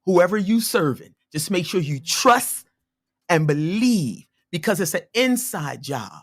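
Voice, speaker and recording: Radio guest: husky woman in her fifties, emphatic and preachy, with a lively, swinging pitch. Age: 50s. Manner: preachy, emphatic, repeats key points. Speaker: radio show guest, abuse survivor and healer. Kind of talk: earnest personal testimony and advice. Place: radio studio.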